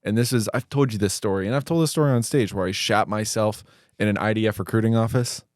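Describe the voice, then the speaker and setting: A man's voice: lowish voice, fast, darkish tone, no room sound, clean studio sound. A young man hosting a podcast, telling a long, profane, self-mocking story in a rambling casual way. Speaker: podcast host.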